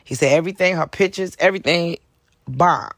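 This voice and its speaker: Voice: medium pitch, a little fast, no room sound, clean studio sound. A podcast host telling a story in a casual monologue, swearing freely and acting out the quotes. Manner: profane, animated, lots of acted quotes.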